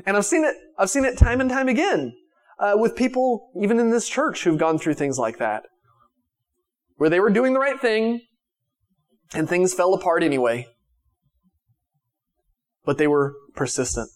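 A man with a slightly high voice delivers a sermon to his congregation. He talks casually, full of fillers and restarts, and moves from raised, emphatic lines to hushed, gentle ones. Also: big pitch swings, moderate pace, long pauses. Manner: conversational preaching with restarts and fillers. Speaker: pastor.

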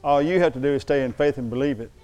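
An older man preaching a sermon, telling a personal story, slowing for emphasis and dropping to a quiet, moved tone. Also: medium pitch. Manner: storytelling, slows down for emphasis, drops to a hushed tone when moved. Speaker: pastor.

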